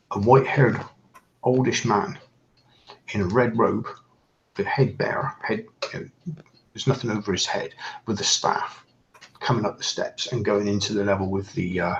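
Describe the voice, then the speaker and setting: A low, gravelly man narrates a tabletop game as its game master, pausing often with fillers and restarts. The recording is a little dull, with a faint hiss behind him. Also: steady tone. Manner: hesitant, many fillers and restarts.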